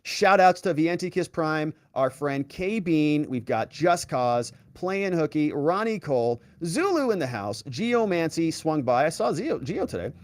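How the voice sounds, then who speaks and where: A man hosting a livestream, chatting casually as he reads out viewer messages and gives shout-outs. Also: on the high side, big pitch swings, a little slow, few pauses, no echo. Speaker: livestream host.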